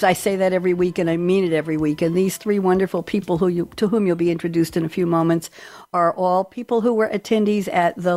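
A woman's voice: fairly low pitch, a little mellow. A woman with a New York accent hosting a radio talk show, chatting playfully with jokey, rambling asides.

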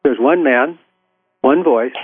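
A psychotherapist talking in an interview, telling reflective stories with many restarts and hesitations. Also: male voice, medium pitch, slow pace, husky. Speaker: psychotherapist guest. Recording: tinny phone-line sound.

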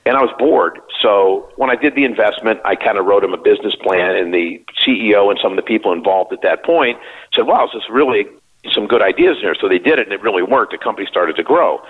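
A man's voice: on the low side, fast talker. A man in his sixties, a company CEO, telling joking anecdotes in a casual interview and acting out the dialogue. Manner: lively anecdotes, jokey, acts out quoted dialogue. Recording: phone-like narrow band.

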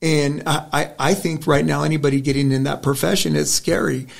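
A man's voice: a little high, fairly even intonation, fairly quick, creaky. A middle-aged man, a political candidate, answering an interview question in an earnest, rambling storytelling way with frequent restarts. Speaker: state senate candidate.

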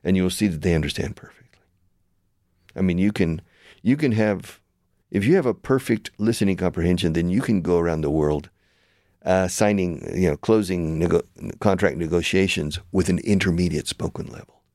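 A man's voice: deep voice, a little fast, a little mellow, no echo, studio quality. An older man hosting his own show, explaining a point emphatically and teacherly, often restarting mid-sentence. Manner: emphatic and lecturing, with many restarts. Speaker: show host and language school founder. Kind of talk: conversational interview, teacherly explaining.

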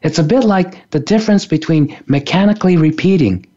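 A man's voice: fairly high pitch, a little fast, warm tone, muffled recording. A man, an author and spiritual teacher, giving a playful, reflective talk on a radio show and laughing often. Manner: playful, laughs often, acts out little scenes.

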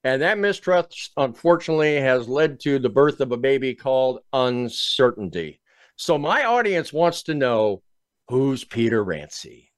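A man's voice: medium pitch, sing-song, measured pace, no echo, clean studio sound. A man hosting a business talk show, introducing and interviewing a guest in a folksy, emphatic way. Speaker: show host.

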